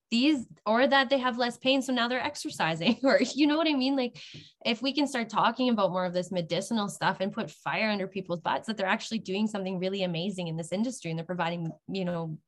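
A woman talking casually and with passion on a podcast panel, laughing often and speeding up in quick bursts. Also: mid-range voice. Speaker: cannabis advocate guest.

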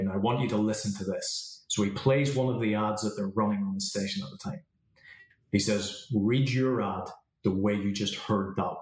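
A man, a confidence coach telling a personal story and acting out the dialogue in it. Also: on the low side. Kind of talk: storytelling monologue. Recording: roomy echo.

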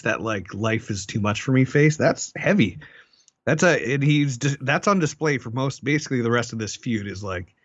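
A man in laid-back podcast chat, joking and rambling through wrestling memories with plenty of fillers. His voice sits at a mid pitch and comes through a slightly dull, lo-fi mic. The sound is dry, with no room echo. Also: a bit bright. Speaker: podcast co-host. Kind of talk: casual chat.

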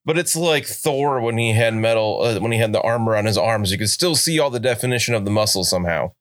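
A man runs a tabletop game podcast as its game master and chats casually with his players. His pitch swings widely as he talks. He sounds enthusiastic and laughs easily. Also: lively intonation, quick pace.

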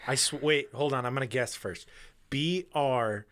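A man's voice: mid-range voice, normal speed, a bit bright, clean tone. A man co-hosting a casual true-crime podcast, a little tipsy, joking crudely and swearing a lot. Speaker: podcast co-host.

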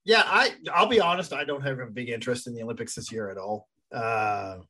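A man's voice: medium pitch, brisk, pushed and bright. A man co-hosting a casual sports chat, rambling and thinking aloud with plenty of fillers. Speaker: podcast co-host.

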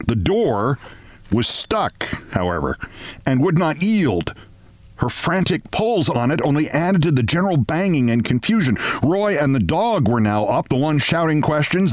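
A man, the host of the show, reading a comic story aloud in a lively, theatrical manner, recorded in a studio. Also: medium pitch, no room sound.

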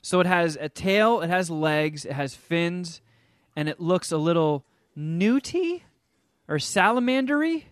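A man co-hosting a casual podcast, telling a film's story with animated energy and now and then hamming up silly voices. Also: on the high side, a little slow, clean tone, no room sound, studio quality. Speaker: podcast co-host reviewing a film. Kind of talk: casual chat.

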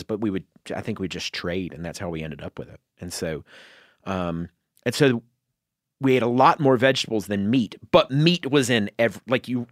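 A man's voice: on the low side, dry recording, studio quality. A man, a chef chatting as a podcast guest, rambling through long explanations full of fillers. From Southern United States. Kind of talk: casual conversation.

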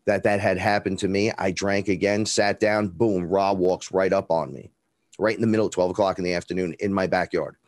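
Deep-voiced Bronx man telling a blunt story. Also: steady tone, a little fast, darkish tone, no room sound. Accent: New York (Bronx). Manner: rambling, blunt and profane, acts out dialogue. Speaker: guest. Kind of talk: casual storytelling interview.

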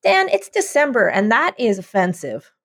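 A woman co-hosting a podcast in casual chat. She has a tired, scratchy throat and a dry, deadpan manner. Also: fairly high pitch, normal speed. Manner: deadpan, weary, dry humor. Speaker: podcast co-host.

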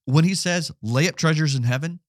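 A man's voice: fairly high pitch, a little fast, no echo, studio quality. A man in his forties, co-hosting a podcast, telling stories and explaining ideas with laughs between them. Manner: animated storytelling with laughs. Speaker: podcast co-host. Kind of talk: casual theological discussion.

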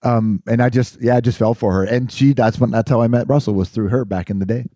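A man's voice: medium pitch, fairly even intonation, fast talker, dark tone, no room sound, studio quality. A man in his fifties chatting casually, reminiscing about the old days. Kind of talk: casual chat.

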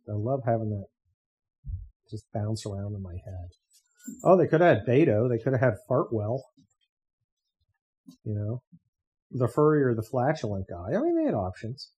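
A man's voice: on the low side, mellow, slightly rough. A man hosting a podcast, talking casually in a sarcastic, profane rant. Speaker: podcast host. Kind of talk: casual monologue.

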